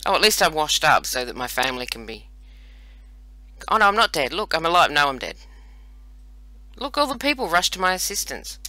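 Playing a video game, an Australian man of around forty keeps up chatty, self-mocking, playful banter as a let's play host giving casual commentary. His slightly high voice is sing-song, bright and forceful, a little fast with frequent pauses, in a dry recording.

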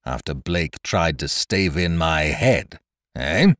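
A man voices a stern, commanding sea captain in this audiobook tale, swinging between low, hard growls and sudden raised barks. The reading is close and dry. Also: animated, slow pace, a bit bright, dry recording, heavily acted.

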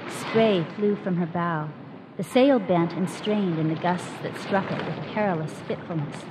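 Woman reading a story over hiss. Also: fairly low pitch. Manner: measured, expressive narration. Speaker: reader. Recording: noisy recording with hiss.

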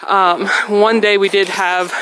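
A woman's voice: medium pitch, little pitch movement, slow, fairly bright tone, slight background noise, low-quality recording. A woman vlogging while walking her dog on a snowy trail outdoors. She is a little out of breath and keeps praising the dog. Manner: chatty, praises dog often. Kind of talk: casual vlog narration while walking a dog.

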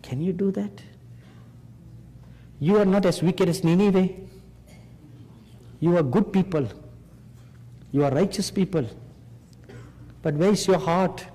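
A man delivers a sermon at a deliberate, unhurried pace, his voice slightly high for a man yet dark and mellow. He leans on rhetorical questions and emphatic repetition. His words ring out with a long reverb, as in a large hall. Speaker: preacher.

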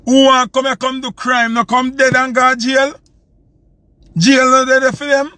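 A man's voice: extremely high pitch, little pitch movement, unhurried, bright, forceful tone, no echo. A man from Jamaica with a Jamaican accent, hosting a live stream and ranting heatedly, repeating his points for emphasis. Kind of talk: live-stream commentary rant.

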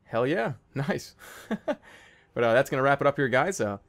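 A young man commentating a stealth game he is playing, jittery and excitable, with nervous laughs and yelps. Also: mid-range voice, normal speed. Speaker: gaming video host. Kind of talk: let's play commentary.

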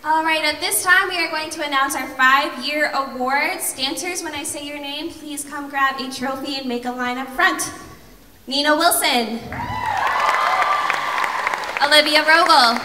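A woman's voice: high-pitched, a little slow. A woman announcing award recipients at a dance recital, reading out names steadily. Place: large auditorium. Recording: echoey hall from far off with loud crowd. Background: loud audience noise.

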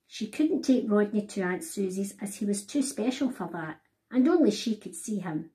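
A woman reads her children's picture book aloud, talking straight to the young listeners. Her voice is animated, swooping up and down with wide, lively pitch. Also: moderate pace. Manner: animated, addresses children directly. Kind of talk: storybook read-aloud for children.

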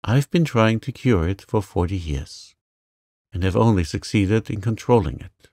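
Man reading as a gentle wise mother. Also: lowish voice, lively intonation, normal speed, no echo, studio quality. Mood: tender. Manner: soothing, tender. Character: calm gentle wise mother, middle-aged.

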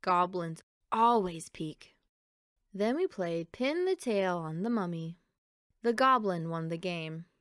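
Slow, gentle woman reading a storybook. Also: fairly low pitch, animated, no room sound, clean studio sound. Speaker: storybook reader. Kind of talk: children's picture book read-aloud.

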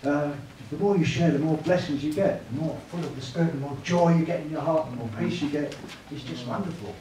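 A man's voice: fairly high pitch, fairly quick, mellow. A man giving a church evangelism talk, chatty, often asking the room tag questions. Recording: echoey room, mic far off, clear noise.

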